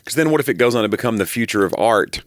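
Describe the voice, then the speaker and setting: A man's voice: on the low side, expressive, quick pace, dry recording. A man co-hosting a podcast, rambling through stories in casual chat with a self-deprecating streak. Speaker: podcast co-host.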